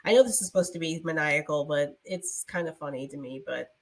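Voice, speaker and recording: A woman's voice: low-pitched, fairly quick. A young woman co-hosting a podcast, chatting casually and rambling with many fillers. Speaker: podcast co-host. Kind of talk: casual chat.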